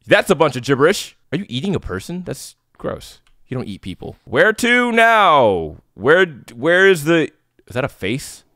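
A man playing a horror game and commenting nervously, yelling when scared and joking to cover his fear. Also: a little high, huge pitch swings, normal speed, no room sound, studio quality. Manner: yells and screams when scared. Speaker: let's play gamer.

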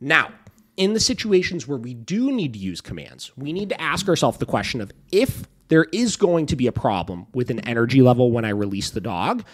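Brisk and very animated, his medium-pitched voice drives the explanations on his dog training podcast. The young host keeps it casual but emphatic, repeatedly checking "right?" and swearing from time to time.

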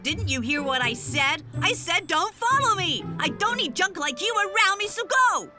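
A woman's voice: very high voice, big pitch swings, normal speed, loud music behind the voice. A woman voicing a timid young boy in a dubbed cartoon, pleading and apologetic. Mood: annoyed. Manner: pleading, tearful. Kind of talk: cartoon dub.

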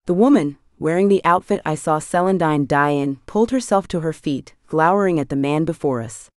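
A woman's voice: low-pitched, a little fast, hardly any pauses, dry recording, studio quality. A woman reading a first-person fantasy audiobook with a tense, dramatic delivery. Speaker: audiobook narrator.

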